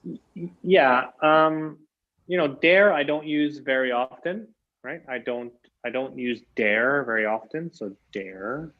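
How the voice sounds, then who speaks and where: A man teaching an English grammar lesson in an easygoing, conversational way. His voice sits at a middle pitch, and he often pauses with fillers and restarts his sentences. The recording has a muffled, lo-fi quality. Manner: relaxed, chatty, with frequent fillers and restarts. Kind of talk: casual teaching chat. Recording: dull lo-fi sound.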